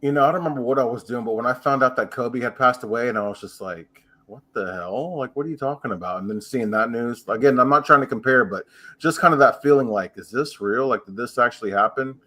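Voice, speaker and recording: A man in the middle of his range hosts a sports podcast. He tells stories casually, with pauses and filler words along the way. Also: medium pitch. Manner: relaxed, storytelling with pauses and fillers. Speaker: podcast host.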